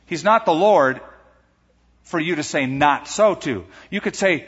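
A man preaching a sermon with a lively, swooping delivery and a slightly high pitch. His voice is a bit husky, and he brings quoted lines to life with their own voices. The sound is dull and lo-fi, with a long echo from a large hall. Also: measured pace. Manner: animated, acts out quoted voices. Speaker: pastor.

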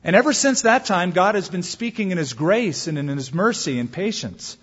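A man pastor preaching a sermon earnestly, his voice swinging widely between loud emphatic peaks and soft low asides. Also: lively intonation, normal speed, husky. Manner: earnest preaching with wide swings in pitch and volume. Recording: long hall reverb, dull lo-fi sound.

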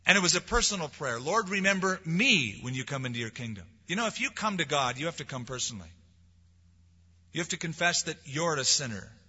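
A man preaching a sermon as pastor, rising to loud emphasis and dropping to quiet lines. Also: a little high, very animated, fairly quick, husky, long reverb tail, dull audio. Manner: preaching with swelling emphasis and soft drops.

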